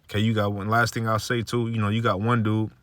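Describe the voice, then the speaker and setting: Low-voiced guy, dry close sound, chill testimony talk, says man every other line. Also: flat delivery, quick pace, a bit bright, no echo. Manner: laid-back, peppers speech with man. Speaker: religious video maker. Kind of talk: casual spoken testimony.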